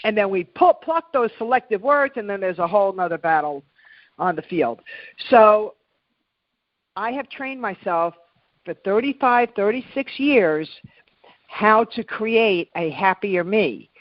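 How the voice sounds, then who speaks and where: A woman's voice: mid-range voice, expressive, measured pace, no echo. A middle-aged woman talks in an earnest, coaching way and leans on repeated phrases for emphasis. Her voice sits in a middle range. The sound is dry and slightly dull, like lo-fi remote audio. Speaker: podcast guest, happiness coach. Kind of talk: motivational interview talk.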